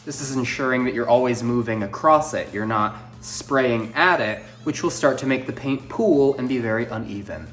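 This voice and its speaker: A man's voice: mid-range voice, normal speed, hardly any pauses, fairly bright tone. A man giving casual how-to tips in a home vlog, instructive with a joking edge. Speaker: vlogger. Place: apartment, indoors. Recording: roomy echo.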